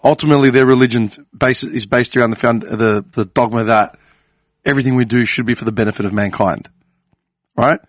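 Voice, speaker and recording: A young man of Greek family hosting a casual podcast chat, animated and swearing freely as he retells conversations. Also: mid-range voice, fairly quick, dry recording. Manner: animated storyteller, swears freely, quotes others. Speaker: podcast host.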